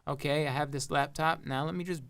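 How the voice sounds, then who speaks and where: A young man from Long Island with a smooth, clear voice chats loosely about his music. He rambles, piling up fillers and curse words between thoughts. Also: on the high side, steady tone, brisk, a bit bright. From Long Island, New York. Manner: rambling, heavy on fillers and swearing. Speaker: rapper and producer guest. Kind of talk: casual interview chat.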